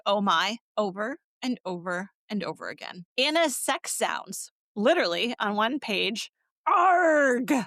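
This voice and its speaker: Animated sarcastic woman podcaster. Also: mid-range voice, dry recording. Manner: animated, sarcastic, swears freely, laughs often. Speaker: podcast co-host. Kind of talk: casual book-review chat.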